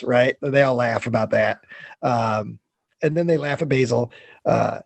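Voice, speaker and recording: A man's voice: mid-range voice, normal speed, creaky, no echo. A man co-hosting a podcast, recapping a film scene by scene in loose chat, with lots of fillers and swearing. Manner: swearing, rambling with many fillers.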